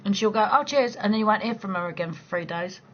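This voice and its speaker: A woman chats casually with viewers late at night and answers comments bluntly, swearing freely and laughing often. Her voice sits at an ordinary middle pitch. The recording sounds a little dull, with a faint hiss underneath. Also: fairly even intonation, quick pace. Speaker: live-stream host.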